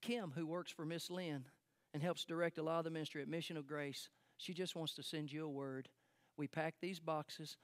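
A man preaching a sermon as pastor, telling a story emphatically and then dropping to hushed tones. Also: fairly high pitch, steady tone, normal speed, dry recording. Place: church sanctuary.

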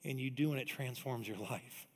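A middle-aged man preaching a sermon in a church, emphatic and energetic, with quick conversational asides. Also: mid-range voice. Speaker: pastor. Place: church auditorium. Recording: long reverb of a large hall.

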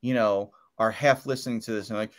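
A man co-hosting a podcast, talking in a playful, animated way. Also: lowish voice, brisk. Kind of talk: casual chat.

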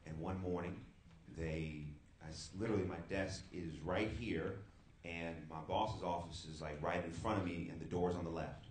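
A young adult youth speaker from the San Francisco Bay Area preaches a sermon at a live church hall event, telling a personal story with asides to the crowd. His voice is low-pitched and fairly even, at a moderate pace, recorded in a roomy live space with background noise.

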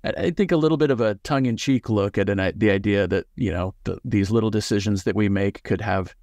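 Low-voiced man talking thoughtfully. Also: a little fast, a little mellow, no room sound. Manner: thoughtful, many fillers and restarts. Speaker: author and guest. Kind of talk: reflective conversation and reading.

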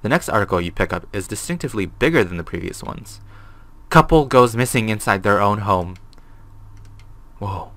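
A man's voice: lowish voice, lively intonation, normal speed, pauses often, a bit bright, dry recording. A young man hosting a gaming video. He reads a horror game's text aloud and reacts with nervous swearing. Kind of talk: horror game commentary and reading game text aloud.

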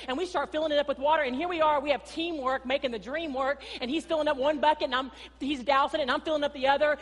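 A woman pastor, preaching a sermon in an animated storytelling way and often calling the congregation "y'all". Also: sits high. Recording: long hall reverb.

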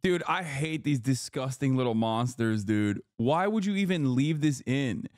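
A man's voice: mid-range voice, expressive, unhurried, darkish tone, no echo, studio quality. A man in his thirties giving casual, sarcastic and profane live commentary while reacting to a video as a streamer.

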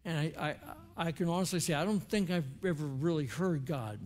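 Older guy preaching, kinda high voice, earnest storytelling, punches up key bits. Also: fairly quick, few pauses, a little mellow. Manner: earnest, conversational, emphatic. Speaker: preacher, former chaplain. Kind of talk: sermon storytelling. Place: church sanctuary.

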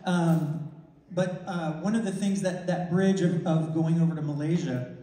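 A man's voice: a little high, measured pace, mellow. A man giving a testimony sermon about a mission trip, storytelling and acting out dialogue with frequent restarts and self-corrections. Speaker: minister reporting on a mission trip. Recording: echoey hall, mic far off.

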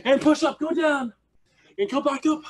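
A man's voice: very high-pitched, moderate pace. A man teaching an online martial arts class for kids, playful and encouraging, leading exercises with silly animal noises over a video call. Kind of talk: energetic online kids' class.

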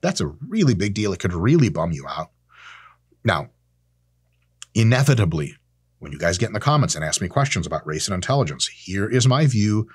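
A man in his thirties hosting a casual monologue, animated and swearing freely, acting out imagined exchanges. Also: low-pitched, slightly rough. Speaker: host.

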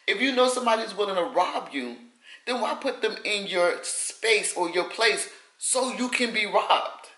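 A woman's voice: mid-range voice, animated, unhurried, fairly bright tone, reverberant, poor audio. A woman vlogger giving casual advice to the camera, emphatic and repeating her points with folksy sayings.

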